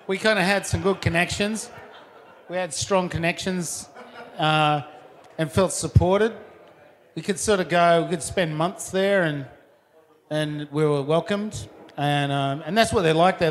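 A man looking back on his surfing years in relaxed, rambling casual talk with many fillers. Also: on the high side. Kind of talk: casual reminiscing.

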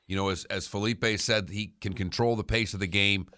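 A man co-hosting a sports radio show, giving steady, matter-of-fact analysis in casual sports talk. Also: lowish voice, fairly quick, no room sound, studio quality.

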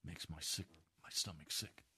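A man preaching a sermon, moving from hushed, slow phrases to impassioned pleading. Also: very deep voice, breathy edge.

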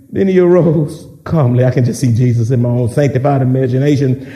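A man's voice: medium pitch, a little fast, dark tone. A male pastor preaching a sermon with dramatic, repetitive call-and-response delivery.

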